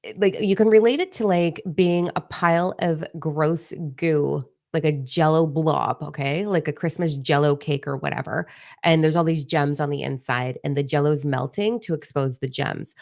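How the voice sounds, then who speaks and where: Low-voiced woman, frank and swearing. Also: normal speed, gravelly. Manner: frank, swears freely, rambling and animated. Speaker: spiritual channel host. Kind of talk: casual live-stream talk.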